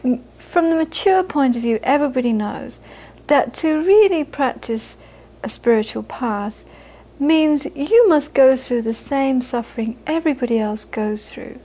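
A woman's voice: high voice, expressive, unhurried, warm tone. A British woman, a Buddhist teacher, giving a dharma talk to a live audience, earnest and repeating phrases for emphasis, with frequent laughter.

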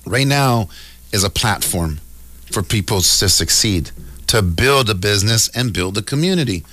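A man's voice: fairly low pitch, expressive, normal speed, fairly bright tone. A middle-aged man hosting a casual talk show, riffing animatedly and cracking jokes. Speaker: show host. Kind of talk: casual chat.

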